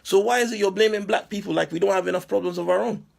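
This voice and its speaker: A man's voice: sits high, rapid-fire, vocal fry. A man with a British accent delivering an impassioned monologue, firing off rhetorical questions and repeating himself as he argues. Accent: British English. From England. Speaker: commentator responding to a critic.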